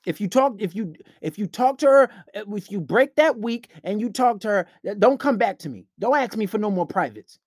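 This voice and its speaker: A man's voice: high-pitched, lively intonation, fairly quick, hardly any pauses, no room sound, clean studio sound. A man hosting a podcast, giving blunt, profane dating advice in a preachy, casual rant. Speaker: podcast host.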